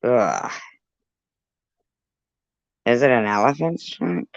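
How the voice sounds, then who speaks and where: A woman chatting on a livestream in an unhurried, drawn-out way, teasing her viewers crudely and breaking into laughter. The sound is dull and lo-fi, with a dry, close feel. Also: a bass voice, no echo. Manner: crude, teasing, laughing often, reacts to comments with disgust. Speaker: livestream host reading chat. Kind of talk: casual livestream chat.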